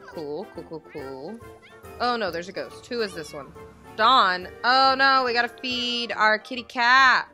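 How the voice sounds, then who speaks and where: This young gaming host offers relaxed let's-play commentary, chatting and talking to her characters mid-game. Her mid-range voice is lively in intonation, unhurried, and pushed and bright, with faint music underneath.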